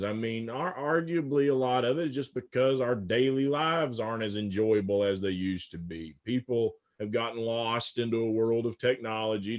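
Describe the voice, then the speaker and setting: A man talking politics in a casual podcast discussion, emphatic, and often repeating a word several times before he gets going. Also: medium pitch. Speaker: political commentator.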